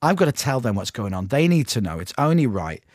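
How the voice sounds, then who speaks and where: Male guest, ex-radio host, mid-pitched voice, animated anecdote teller who acts out the dialogue; dry, close sound. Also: a little fast, dry recording. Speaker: interview guest, former radio breakfast show host. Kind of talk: conversational storytelling.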